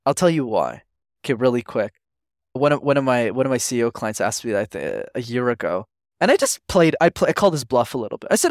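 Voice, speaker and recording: Animated man coaching with energy. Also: mid-range voice, fast, no room sound, studio quality. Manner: energetic, animated, acts out quotes. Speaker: guest, communication coach. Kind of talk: podcast interview.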